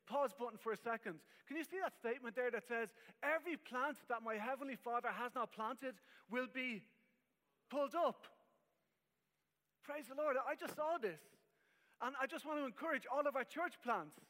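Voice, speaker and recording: A man's voice: very high voice, normal speed, bright, forceful tone. A man preaching a sermon as pastor, emphatic with wry asides, in a church hall. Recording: long reverb of a hall.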